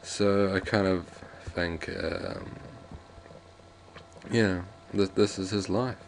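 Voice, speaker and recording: This let's play commentator has a deep, creaky voice and a steady tone, taking things slowly over a little hiss or hum. He reads the game's lines out loud amid rambling, jokey commentary, frequently starting over.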